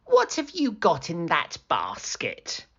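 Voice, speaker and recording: A man's voice: a little high, huge pitch swings, slow pace, fairly bright tone, breathy edge, lo-fi sound, pitched above the performer's own voice, full character voice. A man voicing a huffy, fussy male wolf for a storybook read-aloud, with squealing, indignant complaints. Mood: sly.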